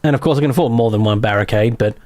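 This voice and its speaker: A man's voice: medium pitch, racing, a little mellow. A man streaming a game live, muttering a chatty running commentary to himself as he plays. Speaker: gaming streamer. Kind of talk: casual live gameplay commentary.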